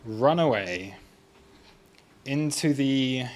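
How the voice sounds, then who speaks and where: A man's voice: mid-range voice, expressive, drawn-out words. A man hosting a live trading stream, talking casually and laughing at himself often. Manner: chatty, self-amused, laughs often. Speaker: livestream trading host.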